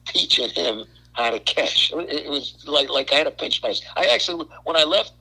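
An older man from Brooklyn, a guest on a radio talk show, telling animated stories and stumbling over repeated words. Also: fairly high pitch, normal speed, gravelly, husky, low-quality recording. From Brooklyn, New York. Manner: animated storyteller, repeats words, acts out quotes. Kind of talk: casual radio chat.

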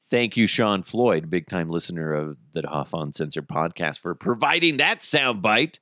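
A man's voice: low-pitched, big pitch swings, normal speed, sharp tone, dry recording, studio quality. A man hosting a podcast, telling stories in a casual, profane, comedic way and laughing at his own jokes. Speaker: podcast host.

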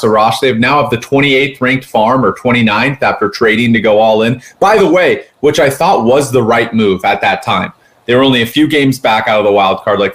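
A man's voice: medium pitch, fairly bright tone. Rambling man talking sports. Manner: rambling, quick, many fillers like "like". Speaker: podcast co-host. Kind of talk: casual sports podcast chat.

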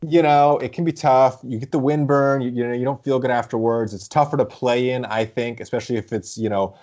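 A young man chatting casually as a podcast co-host, telling stories in a rambling, animated way with frequent laughs. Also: medium pitch, brisk, muffled recording. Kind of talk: casual chat.

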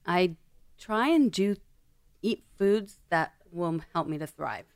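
Woman voiceover pro as podcast guest, easygoing, quick to laugh, lower register, close dry studio sound. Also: animated, clean tone, no room sound. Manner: chatty, laughs often, drops into announcer reads. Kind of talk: casual chat. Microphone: studio mic.

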